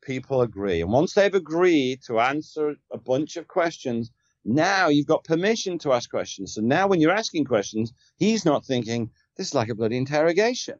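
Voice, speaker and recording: A man's voice: on the high side, very animated, moderate pace, no room sound. Sales coach guy, punchy, keeps asking rhetorical questions, dry slightly muffled audio. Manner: emphatic, asks rhetorical questions. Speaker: sales trainer, podcast guest. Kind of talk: conversational coaching.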